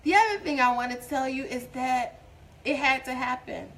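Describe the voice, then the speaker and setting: A woman's voice: sits high, normal speed, fairly bright tone, slight background noise, poor audio. Earnest woman giving a faith talk. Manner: earnest, exhorting, builds to emphatic preaching. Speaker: host of a faith-based singles show. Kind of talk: informal devotional talk to viewers.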